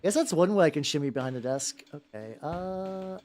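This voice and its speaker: A woman streaming a video game playthrough, talking excitedly, swearing freely, and rambling in asides. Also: low voice, moderate pace, faint music behind. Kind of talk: live gameplay commentary.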